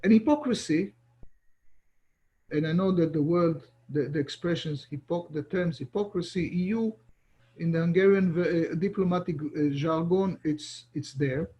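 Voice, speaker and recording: A man's voice: a little high, normal speed, dark tone, muffled recording. A middle-aged man, giving an online lecture as an ambassador, talking with many restarts and repeated words.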